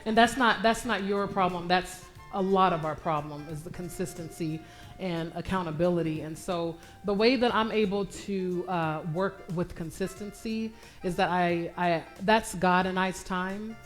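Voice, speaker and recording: A woman's voice: on the low side, normal speed, soft background music. A woman business coach answering questions at a church event, acting out her prayers and repeating phrases for emphasis. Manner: animated, acts out her own prayers and inner dialogue. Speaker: guest speaker, business coach. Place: church sanctuary, live stream.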